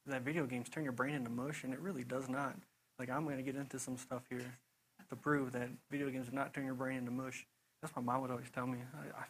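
Young guy preaching casual, rambly and animated, laughs a lot, mid pitch, a little background hiss. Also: low-quality recording. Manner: rambling, animated storytelling with frequent "you know" and laughs. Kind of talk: casual sermon testimony.

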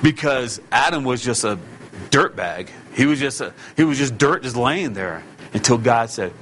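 Male preacher, mid pitch, conversational sermon that swells to urging, faint background hiss. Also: lively intonation, moderate pace. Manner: emphatic and conversational, rising to loud exhortation.

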